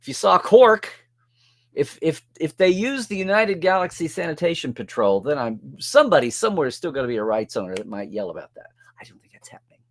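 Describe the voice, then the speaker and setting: Middle-aged male show host, lively swooping delivery, rambling and sarcastic, casual commentary. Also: on the high side, a little fast. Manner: rambling, sarcastic asides, restarts mid-sentence.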